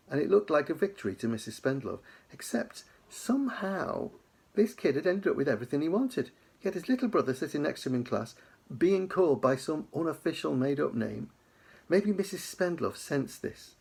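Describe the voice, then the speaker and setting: A man, an author, reads his children's book aloud in an easygoing storytelling manner, dropping in casual asides. His voice has a gravelly, husky texture. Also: on the high side, expressive, normal speed, a little mellow. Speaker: author leading a writing lesson.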